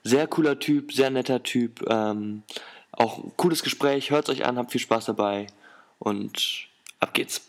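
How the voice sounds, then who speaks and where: A man's voice: mid-range voice, measured pace. A man hosting a podcast, giving a casual, upbeat introduction to a special episode. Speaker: podcast host.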